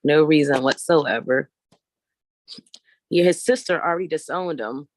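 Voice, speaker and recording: Blunt cussing vlogger ranting on and on, mid pitched, dry close phone sound. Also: a little slow, no echo. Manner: profane, exasperated and blunt, rambling. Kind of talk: ranting vlog storytelling. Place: walking around filming while talking.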